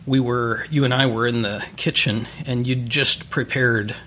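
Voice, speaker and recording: A man's voice: mid-range voice, steady tone, measured pace, sharp tone, a little hiss or hum. A man co-hosting a podcast in casual chat, telling wry, self-deprecating stories. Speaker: podcast co-host.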